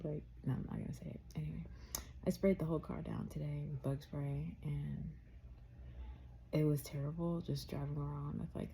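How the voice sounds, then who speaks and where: Gravelly young woman telling a story. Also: deep voice, a little hiss or hum. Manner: animated storytelling, quoting herself in raised voice. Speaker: vlogger. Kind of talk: casual storytime vlog.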